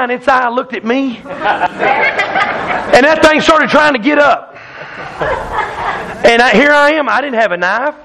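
A man's voice: very high voice, creaky, sharp tone, rough recording. A man preaching a sermon in a church, telling a folksy hunting story that keeps the congregation laughing. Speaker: pastor. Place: church sanctuary.

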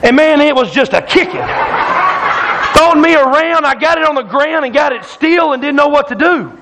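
A man's voice: very high voice, expressive, moderate pace, noisy background. A man preaching a sermon in a church, telling a folksy hunting story that keeps the congregation laughing. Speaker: pastor. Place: church sanctuary.

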